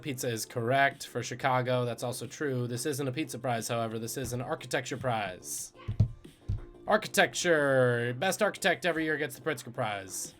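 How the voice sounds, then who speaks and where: Jokey, animated male trivia host. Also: medium pitch. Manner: jokey, animated, swings between loud and muttered asides. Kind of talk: live-streamed trivia hosting.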